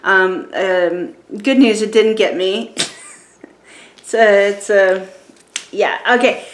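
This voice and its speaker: A woman's voice: mid-range voice, takes it slowly. A woman in her forties telling a story in a casual, rambling way, with many fillers and restarts. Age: 40s. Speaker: vlogger reviewing a show. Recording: roomy echo.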